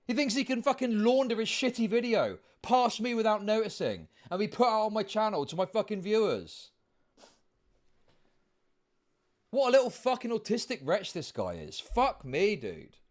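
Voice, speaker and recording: A man rants furiously as a streamer, yelling insults and curses. His voice sits a little high for a man and swings widely up and down as he shouts. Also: expressive, fairly quick, few pauses. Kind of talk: angry streamer rant.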